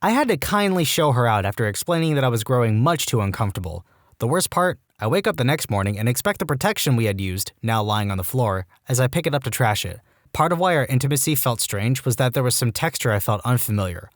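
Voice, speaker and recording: A man reading reddit stories aloud with animated delivery and wry asides. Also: medium pitch, quick pace, no echo, studio quality. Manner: animated, jumps into quoted voices with wry asides. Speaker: storytime narrator.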